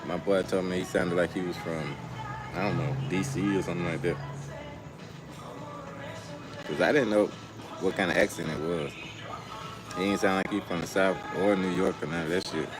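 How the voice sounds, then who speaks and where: A man's voice: low voice, fairly even intonation, normal speed, pauses often. A young man hosting a casual livestream outdoors, telling stories in loose slang and talking to his chat. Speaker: livestream host. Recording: music playing loudly behind.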